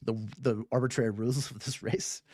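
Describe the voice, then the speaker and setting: In a studio-quality recording with no echo, a meditation teacher speaks a little fast in a slightly rough voice. The tone stays casual and playful with a live class, full of rising and falling pitch and constant questions of "right?"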